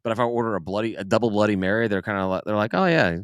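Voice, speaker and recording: Deep, smooth-voiced man chatting casually. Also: fairly even intonation, racing. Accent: Southern US. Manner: laughs often, stumbles and repeats words. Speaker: podcast host. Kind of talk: casual chat.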